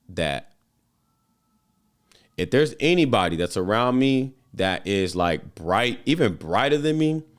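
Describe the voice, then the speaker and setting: A man hosting his own show, talking loosely and casually with lots of slang, fillers and swearing. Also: deep voice. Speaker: podcast host. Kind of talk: casual motivational monologue.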